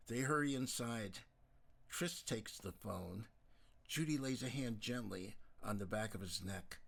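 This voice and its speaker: A man giving measured, gentle scripted narration of an audiobook. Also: fairly low pitch, vocal fry, husky.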